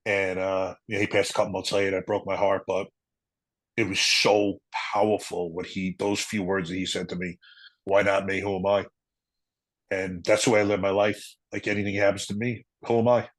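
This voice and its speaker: A middle-aged man, a retired police officer, earnestly telling a personal story in an interview, halting and emotional at times. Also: low voice, flat delivery, a bit bright, no room sound, low-quality recording.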